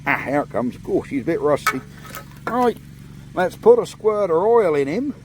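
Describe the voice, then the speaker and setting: A male vlogger chats cheerfully to viewers on a phone propped up in an outdoor yard, talking casually to camera. His voice is a little high and very animated, at a moderate pace, with a slight hiss or hum on the recording.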